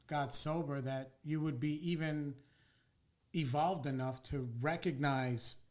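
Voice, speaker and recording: A man's voice: a little high, fairly even intonation, slow. A man hosting a podcast in casual chat, rambling with lots of fillers and swearing. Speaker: podcast host.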